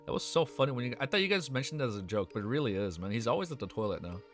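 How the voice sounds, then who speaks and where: Young male streamer, reads a novel aloud and keeps jumping in with excited reactions, bright voice, faint music in the background. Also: mid-range voice, rapid-fire. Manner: excitable, breaks off reading to react.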